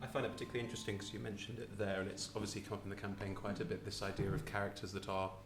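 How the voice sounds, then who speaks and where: A man's voice: fairly low pitch, little pitch movement, very fast, creaky, reverberant, music in the background. A British man, the dungeon master, hosting a loose, chatty live question-and-answer session on stage in a small theatre. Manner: chatty, loose, laughing often.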